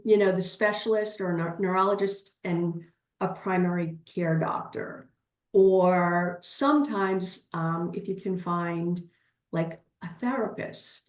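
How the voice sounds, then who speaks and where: A woman with a Boston accent speaks frankly and practically, full of ums as she searches for words. Her low-set voice comes over a video call from a roomy, echoing space. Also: a little mellow. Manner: frank, practical, with many fillers. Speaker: author and guest speaker. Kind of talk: advice in a webinar Q&A.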